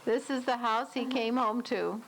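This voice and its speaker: A woman's voice: on the high side, fairly even intonation, unhurried, slight background noise, poor audio. An older woman casually narrating old family home movies, recalling details in a chatty way. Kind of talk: casual reminiscing.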